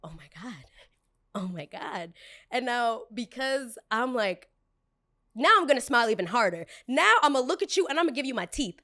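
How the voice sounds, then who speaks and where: A woman's voice: on the high side, moderate pace. A young woman hosting a podcast, telling a story in casual chat and acting out the people she quotes. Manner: animated, acts out quotes with shifting voices. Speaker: podcast host.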